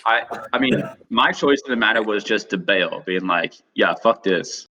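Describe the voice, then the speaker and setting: A man's voice: on the low side, animated, normal speed, pushed and bright. A young man on a podcast telling a rambling anecdote in casual chat, acting out the quotes. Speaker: podcast co-host. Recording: dull lo-fi recording.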